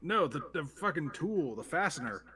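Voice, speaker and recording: A man's voice: a little high, sing-song, moderate pace. A man on a livestream, talking offhandedly and grumbling while he builds a model kit. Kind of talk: casual chat on a livestream.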